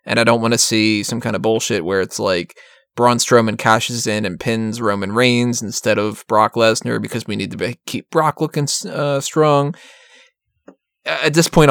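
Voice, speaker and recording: A man's voice: fairly low pitch, normal speed, gravelly, fairly bright tone, dry recording. Man, casual podcast chat, swears a lot, laughs often, dry close sound. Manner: profane, laughing often, rambling.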